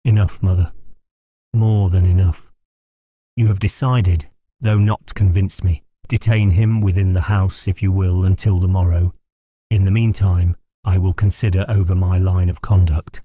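A man reading an audiobook, voicing an earnest young gentleman who defies his mother. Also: deep voice, steady tone, moderate pace, slight background noise, close to an everyday voice. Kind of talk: audiobook character voice.

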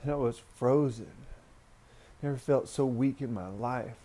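A man recounting a painful personal memory in a slow, halting, hushed way, as raw spoken testimony. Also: mid-range voice. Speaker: survivor sharing a personal story.

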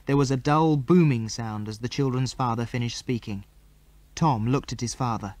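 Guy reading a kids' adventure book aloud, measured and clear, dry sound. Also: mid-range voice, darkish tone, dry recording. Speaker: audiobook reader. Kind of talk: storybook narration.

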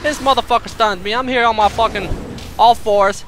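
A man's voice: very high-pitched, fairly quick, bright, forceful tone, a little hiss or hum. A man streaming, giving swaggering, profanity-heavy trash-talk commentary over his own gameplay. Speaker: game streamer.

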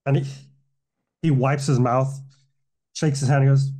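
A man's voice: mid-range voice, steady tone, measured pace, long pauses, warm tone. A man playing a tabletop game, narrating his character's actions after stumbling starts. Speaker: player. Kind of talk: casual tabletop play.

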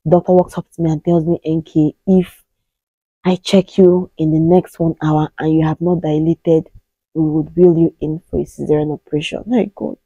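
Nigerian woman, 30s, vlogger telling a story; dark, husky voice, dry lo-fi sound. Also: normal speed, no echo. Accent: Nigerian English. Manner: animated, acts out quoted pleas in a higher voice. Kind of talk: emotional personal storytelling.

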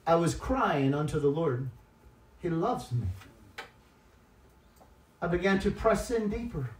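A man preaching a sermon as a guest speaker in church, moving between soft, tearful-toned confession and loud, emphatic exhortation. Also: a little high, expressive, slow. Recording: echoey church hall, distant mic.

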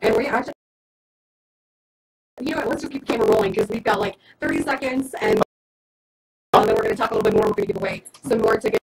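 Lively, gravelly female radio host. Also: a bass voice, low-quality recording. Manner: brisk, reads listener messages, promotional. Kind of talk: live radio show. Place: radio studio.

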